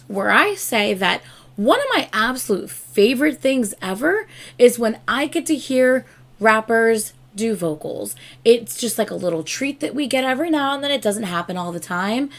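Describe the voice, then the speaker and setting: Excitable, gushing young woman reacting. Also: on the high side. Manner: excitable, gushing, breaks into squeals. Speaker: reaction video host. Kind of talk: casual music reaction.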